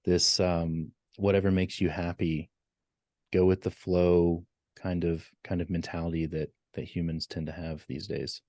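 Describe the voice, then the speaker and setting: A man guesting on a podcast with a very deep voice, recorded dry and close. He speaks in a measured, matter-of-fact way. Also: flat delivery, darkish tone, dry recording. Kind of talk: casual podcast conversation.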